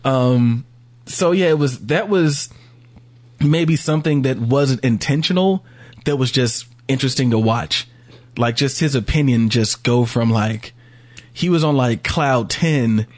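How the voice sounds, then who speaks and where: A man's voice: mid-range voice, a little slow, darkish tone. A man co-hosting a podcast, chatting casually, rambling and laughing often. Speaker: podcast co-host. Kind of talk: casual chat.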